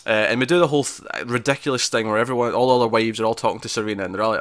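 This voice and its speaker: A man's voice: medium pitch, very fast, fairly bright tone, no room sound. A man co-hosting a casual TV review chat, recapping scenes animatedly with frequent laughs and restarts. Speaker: podcast co-host reviewing a TV episode.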